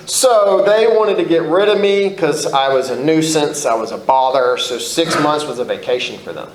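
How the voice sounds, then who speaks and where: Guy sharing his recovery story at a group, rambly and blunt, cusses a lot, echoey room. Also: on the high side. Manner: candid, blunt, swears freely; loose, rambling, with restarts.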